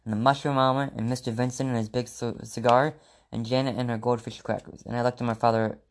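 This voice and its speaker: A man's voice: mid-range voice, flat delivery, quick pace. A man reading a children's book aloud to his class as a teacher, in a plain manner with small restarts.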